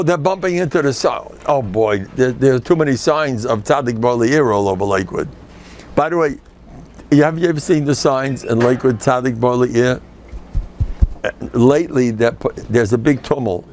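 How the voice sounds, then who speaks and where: Speaking at a normal speed in a mid-range, slightly mellow voice, this older rabbi addresses a live audience. His lecture is full of jokes and stories in which he performs the quoted characters, and there's a bit of background noise.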